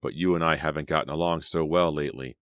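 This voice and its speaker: A man's voice: a bass voice, steady tone, quick pace, fairly bright tone, smooth, dry recording, clean studio sound. A man reading aloud, voicing a pushy, resentful teenage boy who stammers then turns blunt.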